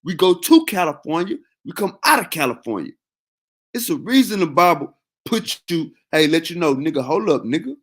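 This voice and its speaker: A man talking in a loose, animated way, full of slang and cursing. His voice sits high and swings up and down a lot as he drives his point home. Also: moderate pace. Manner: animated, repetitive, heavy slang and profanity. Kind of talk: casual freestyle talk.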